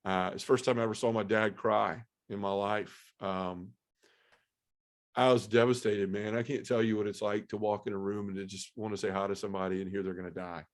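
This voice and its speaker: A man sharing an emotional personal testimony as a podcast guest, earnest and halting, with many fillers. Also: on the low side, flat delivery. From Memphis area, US South.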